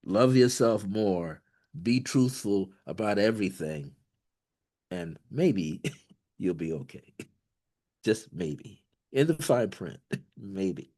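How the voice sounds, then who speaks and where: A man's voice: on the low side, lively intonation, takes it slowly, long pauses. A man leading a channeling session, relaying messages from spirit beings, laughing often and repeating phrases playfully. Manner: laughs often, warm repetitions, playful corny humor; switches between relayed beings and quoted voices.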